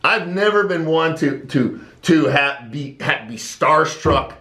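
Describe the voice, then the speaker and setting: A man's voice: fairly high pitch, expressive, takes it slowly, bright, forceful tone. Blunt, ranting man in an echoey room. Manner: blunt, profane, exasperated. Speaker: vlogger. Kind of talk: opinion rant to camera.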